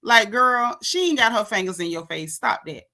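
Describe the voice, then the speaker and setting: A woman's voice: medium pitch, lively intonation, moderate pace, bright, forceful tone. A woman giving a sassy, slangy recap of a reality show episode, gossiping and calling out the cast.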